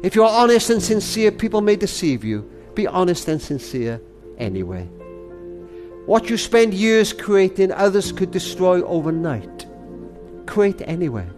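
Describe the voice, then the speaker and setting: A man's voice: sits high, very animated, moderate pace, a little mellow, faint music behind. An older man telling a heartfelt story in a tender manner, speaking to a grandchild as darling. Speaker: speaker and author.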